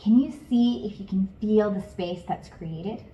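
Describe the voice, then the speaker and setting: A woman singing teacher coaching beginners step by step in a calm, encouraging way. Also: medium pitch, unhurried, roomy sound, low-quality recording. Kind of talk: guided vocal lesson.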